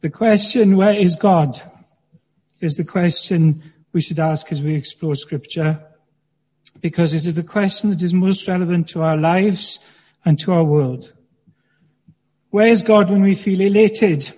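A male minister preaching a sermon in a church, in a measured way with gentle humor. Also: fairly high pitch. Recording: dull sound with long church reverb.

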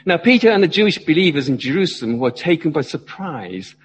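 A man's voice: on the high side, very animated, fairly quick, long reverb tail, a little hiss or hum, rough recording. A man, a church member, preaching a sermon and asking his listeners questions as he goes. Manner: asks the congregation questions, rising and falling emphasis. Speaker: lay preacher.

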